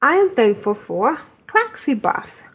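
Brief: cheerful female podcast co-host reading listener mail, slightly high voice, unhurried delivery. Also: sing-song, a bit bright, slightly rough. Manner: cheerful, laughs between lines. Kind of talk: reading listener email aloud.

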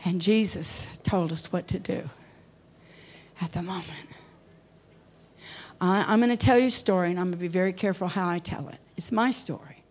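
A woman's voice: lowish voice, normal speed, pauses often, darkish tone. A woman preacher telling a personal story in a sermon, emotional and at times dropping to near whispers. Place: conference hall.

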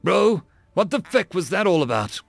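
A man's voice: high voice, very animated, moderate pace, vocal fry, dry recording, soft background music, voice pushed up, heavily acted. Man voicing a brash, swearing young Marine. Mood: blunt. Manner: blunt, swearing, casual slang.

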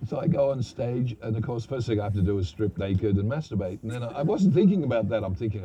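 An older man, a guest actor telling lively, profane, self-mocking stories on stage. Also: medium pitch, fairly quick, slight background noise. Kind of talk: anecdotal storytelling on stage.

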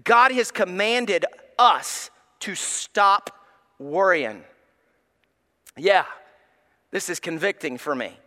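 A man's voice: high voice, lively intonation, takes it slowly, long pauses, pushed and bright, long reverb tail. A male pastor preaching a sermon in an emphatic, preacherly way, speaking directly to the congregation. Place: church sanctuary.

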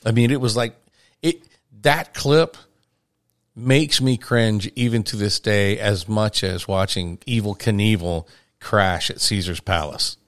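A man's voice: on the low side, slow pace, a bit bright. A middle-aged man co-hosting a casual podcast, rambling and joking his way through a play-by-play. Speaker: podcast co-host. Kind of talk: casual chat.

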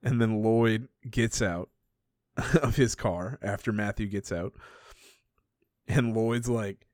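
A man's voice: fairly low pitch, slow pace, pauses often, darkish tone, dry recording, clean studio sound. A man casually recapping a book plot on a podcast, laughing often and swearing freely between fillers. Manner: laughing, profane, filler-heavy storytelling. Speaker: podcast co-host.

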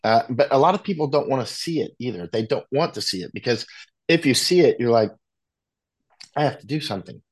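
An American man, a war correspondent guest, talking bluntly in a casual conversation, with frequent restarts and animated asides. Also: medium pitch, a little fast, breathy edge. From United States.

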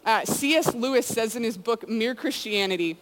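A woman's voice: a little high, moderate pace. Woman youth speaker, casual sermon, chatty storytelling, lots of reverb like a big hall. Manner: chatty storytelling with frequent "like" and "you know".

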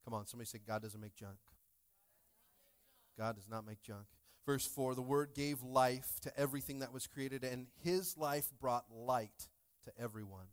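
A man in his thirties preaches a sermon in a church, his voice at an everyday middle pitch. He cracks jokes and throws playful asides to the congregation. He swings between loud bursts and soft, quiet asides. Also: moderate pace. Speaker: pastor. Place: church sanctuary.

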